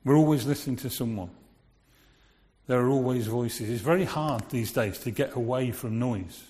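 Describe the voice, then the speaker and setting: A man's voice: medium pitch, normal speed, darkish tone. Guy preaching, chatty, lots of rhetorical questions, big echoey hall. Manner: conversational, asks the listeners rhetorical questions. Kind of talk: sermon. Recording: long reverb of a large hall.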